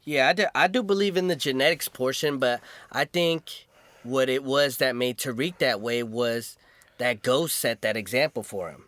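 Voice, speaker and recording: A man's voice: mid-range voice, moderate pace, a bit bright, no room sound. A man co-hosting a casual podcast, laying out his reasoning step by step. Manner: thoughtful, explaining reasons step by step. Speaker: podcast co-host. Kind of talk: casual chat.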